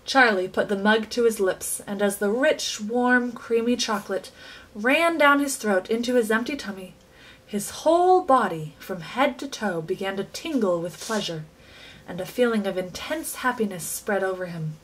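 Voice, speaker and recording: A woman reading a children's book aloud with expressive, animated storytelling. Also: mid-range voice, normal speed, low-quality recording. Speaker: reader.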